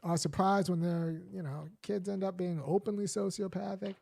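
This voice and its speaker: A man's voice: sits high, steady tone, moderate pace, creaky, a little mellow. A man hosting a weekly live show, giving argumentative political commentary in a conversational, lecturing way with frequent fillers and restarts.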